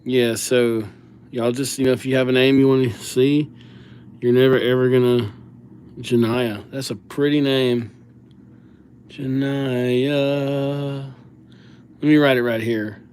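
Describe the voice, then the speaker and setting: A young man with a steady, mid-range voice hosts a calligraphy livestream at normal speed, his tone a little mellow over a faint hiss or hum. He chats and jokes casually as he writes viewers' names and gives them goofy nicknames.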